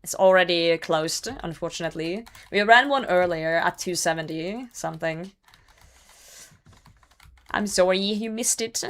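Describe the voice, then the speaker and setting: A woman's voice: on the low side, a little slow. A young woman streaming a game and chatting casually, reading chat messages aloud and laughing often. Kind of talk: casual gaming livestream chat.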